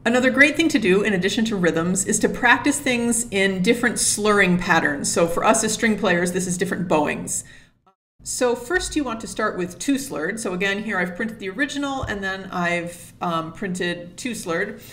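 A woman's voice: mid-range voice, moderate pace. Methodical woman teaching string practice. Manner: methodical, steady, breaks steps down one at a time; sings rhythms on nonsense syllables to illustrate. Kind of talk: instructional explanation to camera.

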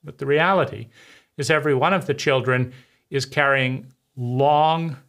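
Man, personal testimony monologue; bitter, intense, halting delivery with restarts. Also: mid-range voice, a bit bright. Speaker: trauma survivor speaking to camera.

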